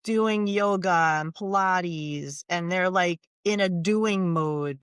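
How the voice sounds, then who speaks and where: A woman's voice: lowish voice, takes it slowly, clear, resonant tone, dry recording, studio quality. A woman who is a relationship coach, a guest on an interview show, speaking emphatically and acting out little scenes. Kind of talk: casual interview chat.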